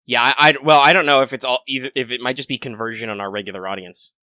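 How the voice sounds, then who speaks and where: Podcast co-host, male, mid pitch, bright and dry, rambling casual delivery. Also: fairly even intonation, fast, dry recording. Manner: rambling, jokey, talks at length. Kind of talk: casual chat.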